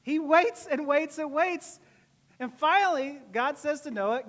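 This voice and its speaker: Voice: high-pitched, unhurried, long reverb tail. A pastor giving a casual, joking sermon to a church, often laughing between points. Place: church service.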